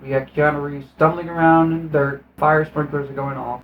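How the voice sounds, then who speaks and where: A man's voice: on the high side, steady tone, a little fast, hardly any pauses, roomy sound, dull audio, background noise. A man giving a casual film review in a profane, sarcastic, exasperated rant. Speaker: movie reviewer.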